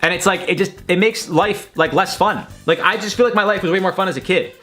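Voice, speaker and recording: Chatty higher-voiced man rambling casually. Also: fast talker, bright, forceful tone, faint music behind. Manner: rambling, chatty, swears freely. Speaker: host. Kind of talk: casual commentary reacting to tweets. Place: his own room at home.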